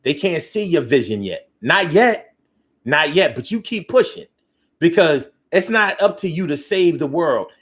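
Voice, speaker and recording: On his live call-in show, a man with a fairly high voice reads viewer comments aloud at a moderate pace. He's animated and preachy, repeating phrases to drive his points home, and his slangy, loose delivery is full of restarts.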